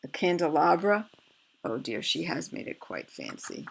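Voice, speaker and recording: A woman reading a picture book aloud, stopping for gentle, fretful asides. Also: sits low, normal speed, creaky, low-quality recording. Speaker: storyteller.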